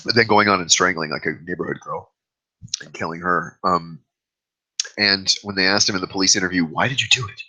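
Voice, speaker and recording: A man's voice: deep voice, fairly even intonation, brisk, bright, forceful tone, rough recording. A man hosting his own vlog, talking candidly and at length about his fears into his own camera. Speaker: vlog host. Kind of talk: confessional vlog monologue. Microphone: own camera mic, self-recorded.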